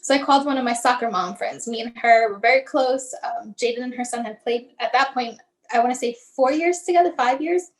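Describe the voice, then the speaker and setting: A woman with a high voice tells a deeply personal story as a guest. She talks conversationally, slipping into the voices of the people she quotes and breaking off and restarting her phrases when emotion catches up with her. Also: brisk, rough recording. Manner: conversational, acts out what others said, many fillers like "like". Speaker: guest, mother sharing her son's story.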